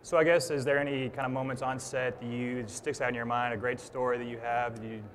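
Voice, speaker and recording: A man hosting a casual interview in a mid-pitched voice. He mostly gives short affirmations and wraps up with a friendly sign-off. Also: level tone, quick pace, fairly bright tone.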